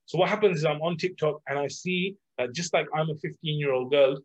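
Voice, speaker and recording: A middle-aged man, a coach, talking casually about self-love with lots of fillers and lively examples. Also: on the high side, fairly quick. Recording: dull lo-fi sound.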